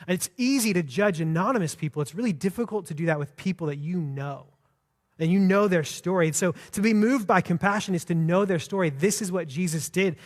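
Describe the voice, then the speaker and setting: A man's voice: high-pitched, fast talker. A man preaching a sermon as pastor, in a conversational, earnest way with frequent restarts. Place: church sanctuary. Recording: long hall reverb.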